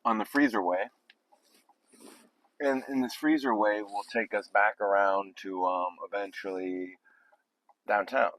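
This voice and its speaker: A man's voice: on the low side, fairly even intonation, unhurried, long pauses, fairly bright tone, low-quality recording. A man making a casual video while driving on the freeway at night, rambling with joking asides. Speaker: vlogger.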